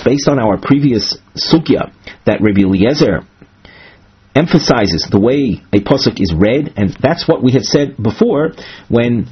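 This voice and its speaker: A man teaching a Gemara lesson in a measured, explanatory way, pausing and restarting, with Ashkenazi Hebrew pronunciation of the Hebrew terms. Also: medium pitch, husky. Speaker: Talmud teacher. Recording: dull lo-fi recording.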